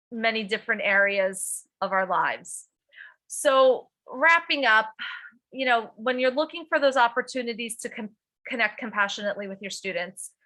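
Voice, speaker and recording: A woman's voice: fairly high pitch, pushed and bright. A middle-aged woman teacher giving a conference workshop talk, earnest and compassionate, with many "you know" fillers. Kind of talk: conference presentation.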